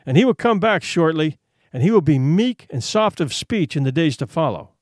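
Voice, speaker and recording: Grown hunters scoffing at a boy's words, voiced by a male storyteller. The delivery is dismissive and swings widely in pitch. The sound is dry and close. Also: expressive, moderate pace, no echo. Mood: scornful. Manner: scornful, dismissive.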